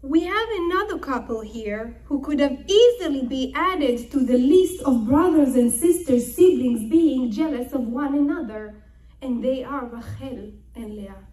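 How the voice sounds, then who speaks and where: A woman giving a religious lecture, telling the story in an animated way and acting out the quotes. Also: sits high, measured pace, far from the mic, rough recording. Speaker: Torah teacher.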